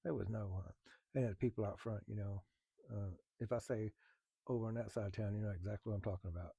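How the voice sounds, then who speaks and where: A man's voice: lowish voice, steady tone, creaky, mellow, breathy edge, no echo, dull audio. A man recounting his time as a firefighter, bluntly and with swearing, often stopping on fillers. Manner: blunt, profane, halting with many fillers. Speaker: firefighter telling a personal story. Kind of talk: candid storytelling.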